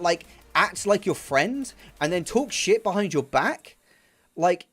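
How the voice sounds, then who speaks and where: A young man rants and swears through his gaming stream, stumbling over and repeating his words in frustration. His voice sits somewhat high for a man, and faint game music plays under him. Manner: angry, profane, repeats himself. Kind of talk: ranting chat while streaming a game.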